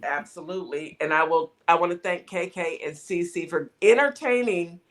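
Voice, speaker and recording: A woman's voice: lowish voice, normal speed. A woman hosting a casual morning talk show, chatty and sassy, laughing often. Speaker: show host.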